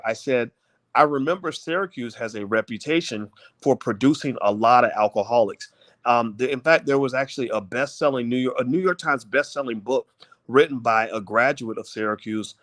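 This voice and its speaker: A man's voice: mid-range voice, fairly bright tone. A middle-aged man hosting his channel, talking to viewers in a rambling, emphatic, preachy monologue. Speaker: channel host.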